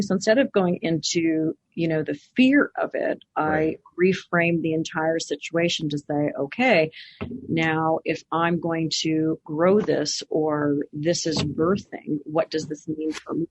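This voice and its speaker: Low-voiced woman telling a story. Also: takes it slowly, muffled recording. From Canada. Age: middle-aged. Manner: animated, acts out quoted voices. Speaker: podcast guest, clinic owner. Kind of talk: casual interview storytelling.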